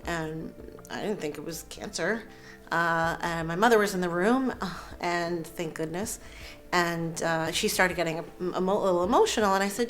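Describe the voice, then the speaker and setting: A woman in her thirties speaking in a lower-than-usual register, telling her own story with candid, unpolished earnestness. She pauses often, fills gaps with soft "ums", and laughs lightly now and then as she talks. Faint music plays quietly underneath. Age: 30s. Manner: earnest, halting, with frequent fillers and soft laughs. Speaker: interviewee sharing a personal story. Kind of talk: candid personal testimony.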